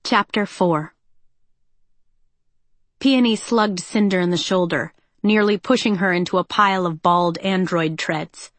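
A woman reading an audiobook in an even, clear storytelling manner. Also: lowish voice, measured pace, dry recording. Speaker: audiobook narrator. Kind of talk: scripted narration.

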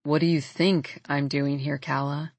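A woman voicing a laid-back young man who talks in a low, easygoing, teasing way in an audiobook. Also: level tone, measured pace, a little mellow, no room sound. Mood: quiet wistful. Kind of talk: audiobook character voice.

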